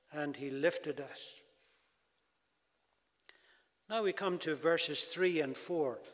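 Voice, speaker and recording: A man delivers a sermon at an unhurried, measured pace, his voice sitting somewhat high for a man. He leans into quoted prayers with rising emphasis. The recording carries a long, echoing reverb of a large hall. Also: a bit bright. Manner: slow, deliberate preaching with emphatic rises on quoted cries. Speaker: preacher.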